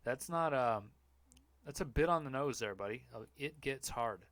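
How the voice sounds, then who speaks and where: A man's voice: medium pitch, lively intonation, normal speed, a bit bright, no echo. A man hosting a podcast, reading online posts aloud in a casual, mocking, profane way. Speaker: podcast host.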